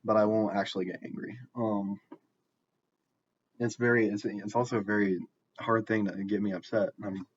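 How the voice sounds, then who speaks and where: A young man telling a personal story in a casual, halting way, often restarting and filling pauses. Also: fairly low pitch, flat delivery, lo-fi sound, slight background noise. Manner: halting, self-correcting, frequent fillers.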